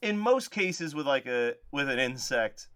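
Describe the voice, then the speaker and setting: A young man co-hosting a podcast in casual chat, telling animated stories and laughing often mid-sentence. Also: medium pitch, unhurried, clean tone, no room sound. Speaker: podcast co-host. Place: home basement.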